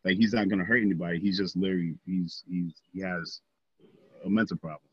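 A man's voice: low-pitched, fairly even intonation, fast, husky, no echo, dull audio. A man co-hosting a podcast, talking earnestly in a casual discussion, with lots of fillers and restarts. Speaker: podcast co-host.

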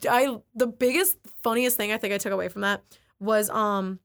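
A woman's voice: mid-range voice, steady tone, moderate pace, a bit bright. A young adult woman chatting casually as a podcast co-host, peppering her talk with "like" and retelling scenes with animation. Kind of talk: casual chat.

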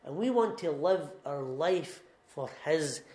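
A middle-aged Scottish pastor preaches with earnest, emphatic storytelling, hammering home repeated phrases. His voice sits fairly high for a man. The sound bounces around an echoey church hall. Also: lively intonation, takes it slowly, a little mellow. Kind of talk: sermon. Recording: echoey room.

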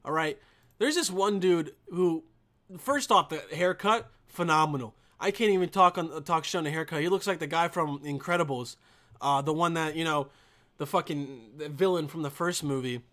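Brash, profane young man with a high voice. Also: moderate pace, fairly bright tone. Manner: profane, mocking, rambling. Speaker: vlogger. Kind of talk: casual commentary on videos.

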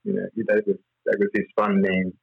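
A man's voice: sits low, monotone, a little fast, gravelly, husky, highs cut off. A man as interview guest, telling rambling stories with frequent laughs and fillers. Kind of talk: anecdotal interview storytelling.

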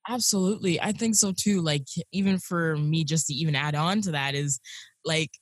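A woman co-hosting a podcast in casual chat, lively and acting out her own quoted speech. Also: low voice, moderate pace, no room sound, studio quality. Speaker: podcast co-host.

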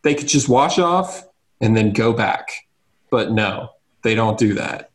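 A man's voice: lowish voice, animated, unhurried. Man adding dry asides to a chat. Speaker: podcast co-host. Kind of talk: casual chat.

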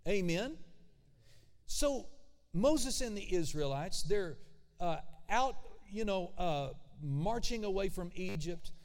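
Animated preaching man in a reverberant hall. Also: high voice, slow pace. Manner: animated preaching with asides and quoted voices. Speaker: pastor. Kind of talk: sermon.

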